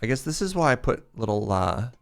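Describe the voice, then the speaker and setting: A man's voice: mid-range voice, very animated, a little fast, vocal fry. Easygoing man chatting while he plays. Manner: chatty, easygoing, thinks aloud while building. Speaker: streamer playing a building game. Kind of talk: casual livestream chat while playing.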